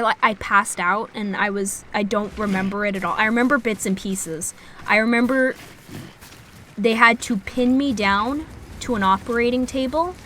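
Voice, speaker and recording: Young woman streamer in her twenties; bright, slightly high voice; loose, rambling delivery with casual swearing. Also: slight background noise. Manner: rambling, swears freely, laughs at herself. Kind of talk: casual storytelling while gaming.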